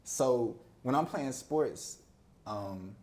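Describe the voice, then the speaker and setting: A young man in a relaxed podcast conversation, his voice mellow and warm at a middle pitch. He tells stories with energy, slips into other people's voices to act them out, and laughs often. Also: very slow. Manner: animated storyteller who acts out friends' voices. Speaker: podcast guest. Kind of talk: casual storytelling interview.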